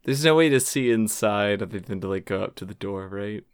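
A woman playing a tabletop game, casual and quick to describe her character's actions. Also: a bass voice, clear, resonant tone, no room sound, clean studio sound. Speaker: player. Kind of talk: tabletop role-play.

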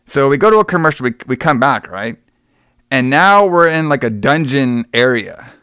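A man's voice: mid-range voice, lively intonation, normal speed, bright, forceful tone, smooth, no echo, clean studio sound. A man hosting a podcast, retelling a show in a rambling, laughing, swearing chat. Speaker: podcast host.

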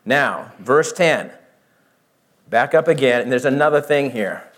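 Speaking in a mid-range voice with lively intonation and a fairly bright tone, a man teaches the Bible verse by verse. He goes slowly, asks his audience questions, and acts out both sides of the argument.

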